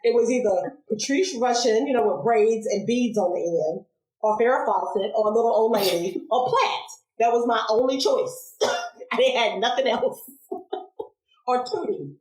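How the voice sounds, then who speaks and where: A woman in her forties, a podcast guest, telling childhood stories in a casual interview, animated, laughing and acting out voices. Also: fairly high pitch, unhurried. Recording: roomy echo.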